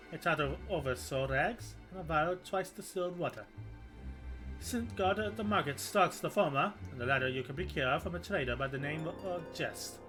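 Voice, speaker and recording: A man's voice: fairly high pitch, sharp tone. A man reading game dialogue aloud as a fierce, bossy, theatrical middle-aged mother.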